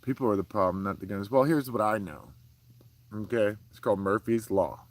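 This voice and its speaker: A man around forty, talking in a casual, heated monologue as the host, full of profanity and swinging between low mutters and raised outbursts. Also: normal speed, dry recording. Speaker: podcast host.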